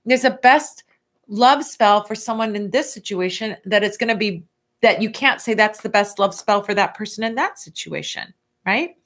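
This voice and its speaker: A middle-aged woman hosting a casual live Q&A, chatty and animated as she answers viewer questions. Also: mid-range voice, normal speed. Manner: chatty and animated, stretching words for emphasis.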